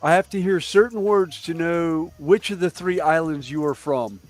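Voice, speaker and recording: An American man in his fifties chatting in a relaxed group conversation. His voice sits a little high for a man, with soft music faintly behind him. He rambles, laughs a lot and swears without a second thought. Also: moderate pace. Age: 50s. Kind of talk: casual group chat.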